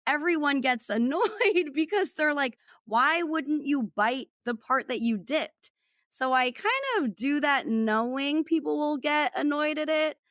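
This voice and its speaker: A woman's voice: a little high, a bit bright, no echo, clean studio sound. A young woman from New Jersey, a food content creator talking as a podcast guest in a bubbly way, often laughing as she speaks. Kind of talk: casual interview chat.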